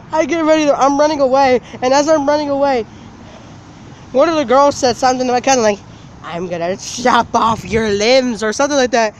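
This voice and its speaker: A man casually telling a story for his vlog outdoors, animated and laughing, swearing now and then. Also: very high-pitched. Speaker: vlogger. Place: outdoors, walking in the open. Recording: outdoor noise from traffic.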